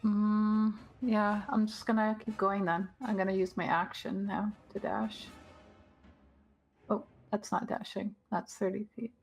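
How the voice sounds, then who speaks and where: Slow-spoken woman playing a tabletop game. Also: medium pitch, little pitch movement, creaky, slightly rough, soft background music. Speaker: player. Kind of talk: tabletop role-play chat.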